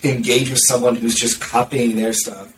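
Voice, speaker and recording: A blunt, sarcastic man talks marketing in a loose podcast chat, tripping over quick restarts. He sounds set back from the mic in a roomy space. A faint background noise sits under his voice. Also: medium pitch, little pitch movement, recorded from a distance. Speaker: marketer discussing content strategy. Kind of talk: casual podcast conversation.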